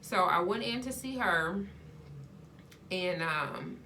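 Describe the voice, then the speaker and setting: A woman with a low-pitched but bright, forceful voice tells her own story in a casual, chatty way. She fills gaps with ums and slips into voicing the people she talks about. A faint hum sits behind her. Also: expressive, slow, vocal fry. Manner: chatty, many ums, acts out quoted dialogue. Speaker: vlogger sharing her health story.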